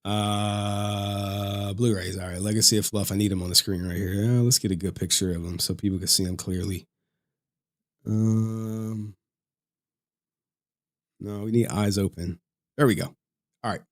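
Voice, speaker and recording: Profane, heated livestream host. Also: male voice, lowish voice, steady tone, a little slow, pauses often. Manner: profane, heated, swearing constantly. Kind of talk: casual livestream rant.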